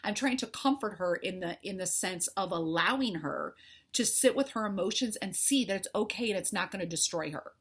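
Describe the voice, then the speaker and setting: Husky heartfelt woman coach. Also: medium pitch, animated, fairly quick. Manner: heartfelt, conversational, faith-filled, with frequent "like" fillers. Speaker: life coach. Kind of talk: candid personal talk to followers.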